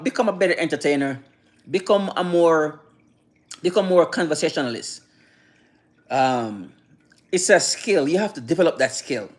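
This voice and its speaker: Brief: male livestreamer, voice a bit above average pitch, loose rambling delivery full of restarts and "you know what I mean". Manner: reads and answers viewer chat. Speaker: livestreamer giving advice. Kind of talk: casual livestream talk.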